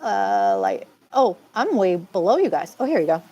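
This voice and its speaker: A woman's voice: on the low side, wildly swooping pitch, moderate pace, mellow, slightly rough, highs cut off. A woman from Massachusetts co-hosting a casual live-stream chat, rambling and laughing often.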